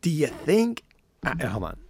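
A man's voice: fairly high pitch, huge pitch swings, creaky, slightly rough, pitched above the performer's own voice, full character voice. Man doing a dazed, drawling laid-back star. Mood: dazed, wondering. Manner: soft, drawn-out wondering "wow"s. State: voice nearly gone.

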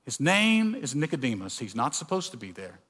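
A man's voice: medium pitch, moderate pace, husky. A middle-aged man from Mississippi, preaching a sermon built around personal stories, acting out the voices of people he met. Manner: storytelling, animated, acts out dialogue with voice changes. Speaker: pastor.

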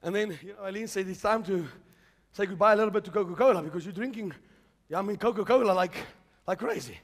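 A man preaching a charismatic sermon, moving from quiet storytelling to shouted declarations. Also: high-pitched, fast. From South Africa. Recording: long hall reverb.

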